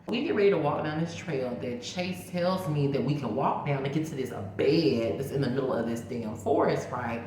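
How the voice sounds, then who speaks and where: Low, lively woman in an echoey room. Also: moderate pace, few pauses, slight background noise. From Mississippi. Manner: animated, profane, talks straight to viewers. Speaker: vlogger. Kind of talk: casual storytelling.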